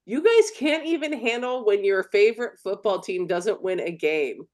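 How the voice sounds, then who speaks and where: A woman's voice: mid-range voice, sing-song, moderate pace, darkish tone. A woman co-hosting a podcast in casual chat, blunt and emphatic, swearing freely. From United States. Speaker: podcast co-host.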